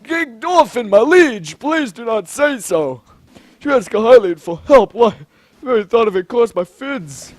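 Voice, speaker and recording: A man's voice: extremely high pitch, big pitch swings, a little slow, dry recording, full character voice. A man voicing a stern, distrustful old male fish-folk advisor who scolds indignantly.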